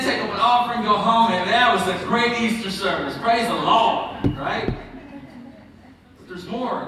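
A male pastor preaching an Easter sermon, swinging from soaring, sung-out lines to hushed asides. His voice is high and bright. It rings out across a big echoing sanctuary, picked up from a distance, with a faint hiss underneath. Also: normal speed. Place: church. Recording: echoey hall from far off.

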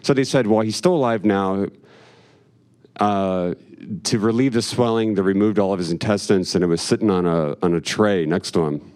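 A man's voice: low voice, fairly quick, a little mellow. Wry, cursing man telling a story. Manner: profane, rambling, wry asides. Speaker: storyteller on stage. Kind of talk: live storytelling with jokes.

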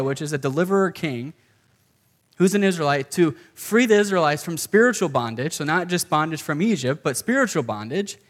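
A man giving a sermon to a live group in a casual, conversational way, often saying "okay" and "like" as he explains. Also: fairly high pitch. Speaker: pastor.

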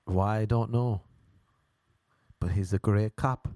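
A young man talks straight to camera in a loose, rambling comic monologue. His voice sits a little low and sounds dry and close. He is crude and jokey, tripping over and restarting his sentences as he goes. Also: steady tone, slow, dark tone, dry recording. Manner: crude, joking, rambling, with self-interrupting restarts. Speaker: vlogger.

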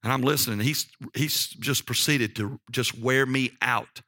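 A middle-aged man preaching a sermon, telling personal stories in a folksy, animated way and often checking in with "okay?". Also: medium pitch, unhurried, no room sound, studio quality.

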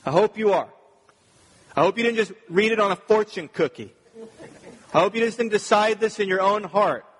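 A pastor delivers an earnest, emphatic sermon, pressing his points by repeating them. His voice is a man's, pitched a little high and somewhat husky. The sound rings with a long reverb from a large hall. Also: normal speed.

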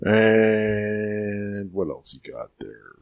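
A man's voice: on the low side, lively intonation, drawn-out words, creaky, no room sound. A man co-hosting a podcast casually, with a dry, teasing sense of humor. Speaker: podcast co-host.

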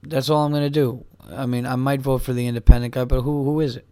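A man's voice: mid-range voice, little pitch movement, fast talker, warm tone, clear, resonant tone, dry recording, studio quality. A man hosting a podcast, a little buzzed, ranting profanely in a rambling casual monologue. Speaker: podcast host.

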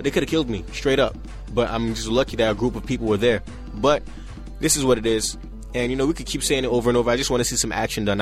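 Animated young man. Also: medium pitch. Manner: animated, acts out quoted voices, frequent "you know what I'm saying". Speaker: interview guest. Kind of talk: casual storytelling in conversation.

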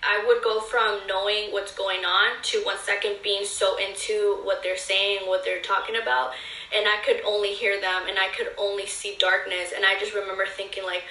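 A woman's voice: mid-range voice, flat delivery, normal speed, sharp tone, recorded from a distance. A young woman earnestly telling a personal story to her viewers in a casual, filler-heavy way. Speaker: vlogger. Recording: echoey room, voice a bit off-mic.

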